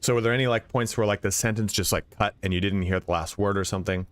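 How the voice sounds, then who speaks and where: A man's voice: fairly low pitch, quick pace. A young man streaming a video game, chatting casually and sleepily, rambling with lots of "like" and swearing. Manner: rambling, profane, heavy use of "like". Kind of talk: casual live-stream chat while gaming.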